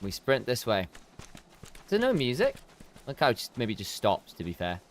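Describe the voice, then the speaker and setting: A man's voice: mid-range voice, huge pitch swings, normal speed, slight background noise. A man casually chatting with viewers while he plays and streams a game. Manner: chatty, talks to viewers between game actions. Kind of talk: casual chat while gaming.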